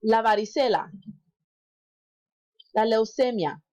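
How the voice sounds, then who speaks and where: Woman instructor, fairly high voice, patient, recorded lesson, repeats words slowly. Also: animated, darkish tone, highs cut off. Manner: corrects herself aloud. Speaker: Spanish instructor.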